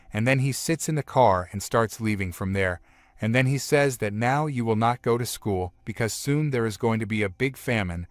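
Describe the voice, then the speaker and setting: A man's voice: lowish voice, dry recording. A man steadily retelling a comic story as a scripted recap narrator, in plain, simple phrasing.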